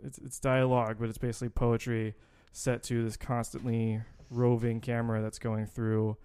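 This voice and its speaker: A man's voice: medium pitch, flat delivery, normal speed, dark tone, clean tone. A man co-hosting a casual podcast, talking loosely and rambling, with casual swearing. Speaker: podcast co-host. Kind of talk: casual film-podcast chat.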